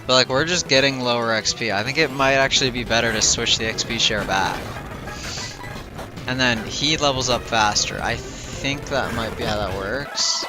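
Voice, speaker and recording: Young male streamer, sleepy, rambling chat full of fillers, mid-pitched, game music loud behind. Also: moderate pace. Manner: rambling, thinking aloud with many fillers. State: tired and yawning. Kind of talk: casual gameplay livestream chat.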